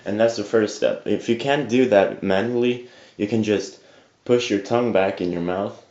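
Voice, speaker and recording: Over echoey lo-fi webcam audio from home, a young vocal tutor mentions he just woke up before launching into a rambling, laid-back harsh-singing tutorial. He swears now and then and keeps restarting amid plenty of fillers. His voice is lowish and darkish, at a moderate pace.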